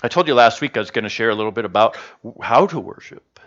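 A man's voice: lowish voice, fast, muffled recording. A man preaching a sermon to his congregation in a casual, conversational way, joking with them as he goes. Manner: humorous, conversational, animated. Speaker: pastor. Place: church service.

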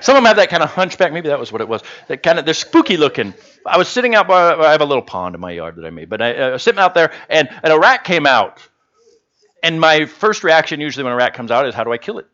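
A man delivers a sermon in a slightly high voice that swoops lively up and down. His delivery is chatty and humorous as he teases the congregation. The sound is dull and lo-fi. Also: quick pace. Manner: humorous, conversational, animated. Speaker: pastor. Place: church service.

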